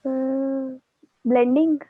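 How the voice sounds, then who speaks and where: High-voiced female student on a tinny line. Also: steady tone, extremely slow. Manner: short replies addressed to "sir". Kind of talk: answering a teacher's questions.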